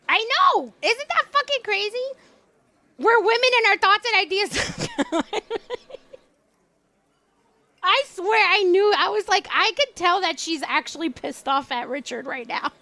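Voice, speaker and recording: A young woman chatting with her stream audience, talking fast and loose, laughing and swearing as she goes. Her voice is very high and bright, with a lively, swooping pitch. She sounds fully at ease. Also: no room sound. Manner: chatty, animated, laughs often, swears freely. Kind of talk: casual chat while streaming a game.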